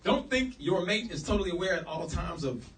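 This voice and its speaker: A man's voice: high voice, a little fast, slight background noise. A man giving a casual lecture to a live audience, slangy and acting out quotes. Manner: animated, acts out quoted speech, slangy. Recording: echoey room, mic far off.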